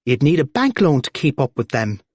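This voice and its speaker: A harried mam, shrill and exasperated as she scolds, put on by a male narrator. Her voice jumps well above his own. The recording is close and dry. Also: very animated, brisk, slightly rough, dry recording. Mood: scolding. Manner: yelling, exasperated.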